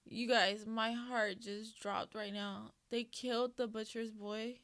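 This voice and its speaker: A woman hosting a reaction channel, talking casually in an expressive, emotional way and swearing freely. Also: on the high side, slow, no room sound.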